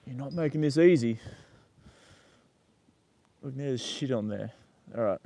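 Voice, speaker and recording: A man's voice: mid-range voice, unhurried, warm tone, no room sound. A man talks casually on a live stream while working on a horse. He mutters under his breath, swears freely, and breaks off to talk to the animal. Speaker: livestreamer caring for a horse.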